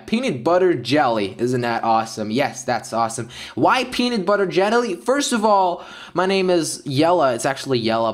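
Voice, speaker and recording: Excitable young man narrating a game. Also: medium pitch. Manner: excitable, yelps and laughs at in-game action. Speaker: gaming YouTuber. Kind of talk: Let's Play commentary.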